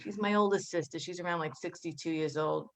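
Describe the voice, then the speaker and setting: A woman from Staten Island doing a stand-up comedy set, chatty, with quick asides and flat, low-voiced impressions of her family. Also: gravelly. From Staten Island, New York.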